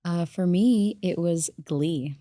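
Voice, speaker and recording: Young woman rambling chattily on a podcast, slightly low voice, dry sound. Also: slow, mellow, no room sound. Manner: chatty, uses many fillers. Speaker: actress guest. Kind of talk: casual podcast chat.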